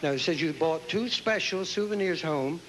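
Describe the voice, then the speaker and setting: A man hosting a pageant, interviewing contestants on stage with quick, joking banter. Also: a little high, fairly bright tone. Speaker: pageant host. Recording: noisy live stage recording.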